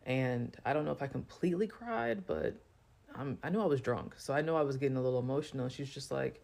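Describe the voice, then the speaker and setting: A woman's voice: extremely low pitch, quick pace, gravelly, darkish tone. A woman telling a personal story to camera in a loose, chatty way, full of fillers. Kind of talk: casual storytime monologue.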